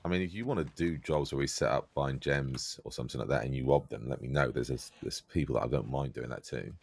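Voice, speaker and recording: Very deep, gravelly man. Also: quick pace. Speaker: roleplay player. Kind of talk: in-character roleplay chat.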